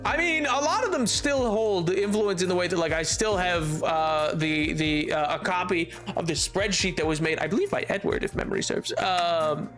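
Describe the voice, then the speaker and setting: Faint music plays behind a man with a high, fairly bright voice who talks at a moderate pace with almost no pauses. Streaming a game with headphones on, he rambles casually to chat, often stammering and starting sentences over.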